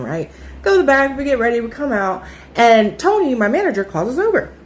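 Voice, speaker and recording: A woman in her thirties telling a casual storytime, chatty and animated, acting out what other people said. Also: high-pitched, fast, a little hiss or hum. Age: 30s.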